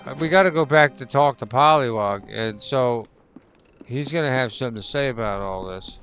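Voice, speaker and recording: A man's voice: mid-range voice, normal speed, music in the background. A man giving casual, profanity-laced commentary while playing a video game with a friend. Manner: chatty, swears freely, reads game text aloud. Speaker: gaming channel host. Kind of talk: casual let's play commentary.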